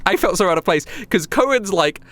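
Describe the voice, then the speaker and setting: A young man with a high voice co-hosts a podcast, speaking a little fast. He tells a story casually and with animation, laughing often and leaning heavily on fillers.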